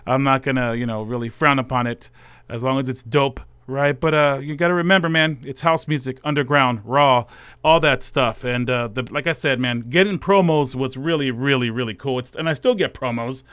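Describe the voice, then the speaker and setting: A relaxed man hosts his own house music radio show, drifting from thought to thought with plenty of slang and filler words. His voice is smooth and clear at a middle pitch. The sound is dry and close, with no room around it. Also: normal speed, dry recording. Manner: laid-back, rambling, slangy with fillers. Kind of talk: casual radio show talk.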